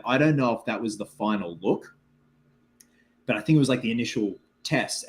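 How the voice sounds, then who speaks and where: Male live-stream host, mid-pitched, loose and rambling, reads out viewer comments between tangents. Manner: rambling and chatty, many filler words. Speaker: livestream host. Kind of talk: casual live-stream Q&A chat.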